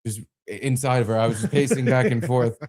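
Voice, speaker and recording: Young male co-host, animated, swears a lot, mid-pitched voice, casual chat. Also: fast talker. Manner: animated storyteller, swears freely. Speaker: podcast co-host.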